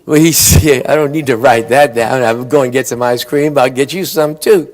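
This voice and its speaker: A man tells long, rambling jokes at a conference awards ceremony. His voice sits at an ordinary middle pitch, and he slips briefly into his characters' lines as he goes. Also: normal speed, darkish tone. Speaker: after-dinner joke teller. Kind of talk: folksy joke telling.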